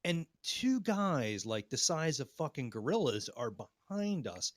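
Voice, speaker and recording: Profane, animated man telling a story. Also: mid-range voice, a little slow, no room sound, studio quality. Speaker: podcast co-host. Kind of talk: casual storytelling chat.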